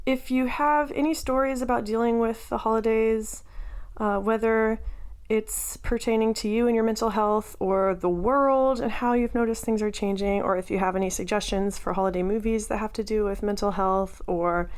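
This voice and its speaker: A woman's voice: on the high side, steady tone, normal speed, darkish tone, smooth. A woman hosting a podcast in a chatty, self-deprecating casual way, full of fillers. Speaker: podcast host.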